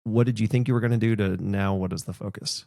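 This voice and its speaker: A man's voice: fairly low pitch, steady tone, fast talker, warm tone, no room sound, studio quality. A man hosting a podcast, asking rambling follow-up questions and encouraging his guest in casual chat. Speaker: podcast host.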